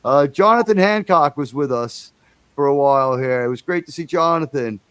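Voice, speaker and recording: A man's voice: a little high, expressive, normal speed, fairly bright tone, clean tone, no room sound. A man hosting a casual livestream, rambling and chatty, with enthusiastic, profane asides. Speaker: livestream host.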